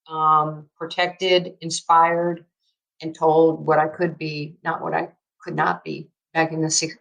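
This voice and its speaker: A woman in her sixties, from New York with a faint accent, telling lively stories as a podcast interview guest. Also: sits low, creaky, rough recording. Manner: lively anecdotal storyteller with fillers. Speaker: guest, basketball coach.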